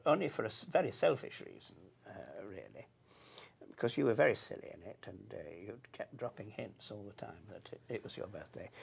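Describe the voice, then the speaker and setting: A man's voice: fairly low pitch, gravelly. A man, an actor, chatting hesitantly with many fillers while he reminisces about working on a show. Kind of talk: reminiscing conversation.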